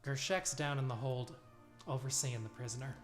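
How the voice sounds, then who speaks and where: A man narrating as game master of a tabletop game, describing scenes in a relaxed storytelling way. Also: medium pitch, moderate pace, over music.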